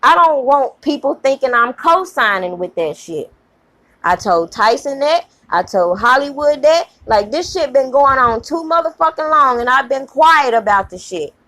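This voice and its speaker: A fired-up woman rants to her channel audience, swearing freely and hammering her points home. Her voice sits a little on the high side and jumps up sharply when she gets worked up. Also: expressive, normal speed, bright, forceful tone. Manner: heated, profane, emphatic, repeats herself. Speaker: channel host. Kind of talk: angry rant to camera.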